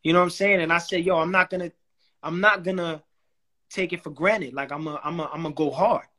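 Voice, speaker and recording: A young man, a guest telling a personal story in a casual, animated way, acting out quoted dialogue with slang and restarts. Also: a little high, brisk. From New York.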